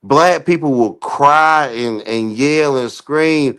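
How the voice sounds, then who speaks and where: A man hosting a podcast, arguing in a heated casual debate and firing off rapid strings of "no.". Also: mid-range voice, a bit bright, clear, resonant tone. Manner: argumentative, repeats "no" in rapid bursts. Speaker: podcast host.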